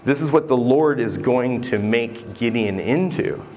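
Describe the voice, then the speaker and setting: A man's voice: medium pitch, measured pace, darkish tone, soft background music. A man preaching a sermon in an earnest, conversational way, sometimes restarting a phrase. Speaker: pastor.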